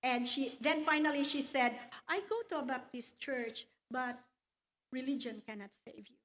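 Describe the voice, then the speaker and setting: A woman telling her personal faith testimony at a church luncheon, slow and earnest, quoting scripture along the way. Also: sits high, fairly even intonation, fairly bright tone, a little hiss or hum. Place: church hall.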